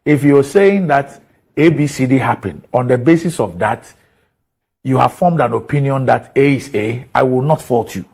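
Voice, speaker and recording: A man from Ghana hosts a TV talk show, pushing back on his guest in a firm, measured way. His voice is husky and sits in a middle pitch. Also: expressive, a little mellow. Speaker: TV show host. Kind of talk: interviewing, challenging a guest.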